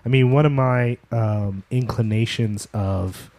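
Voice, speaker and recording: A man's voice: medium pitch, unhurried, a little mellow, no room sound. A man from Philadelphia hosting a podcast, chatting casually with a guest, joking and swearing lightly as he talks. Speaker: podcast host. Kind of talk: casual interview chat.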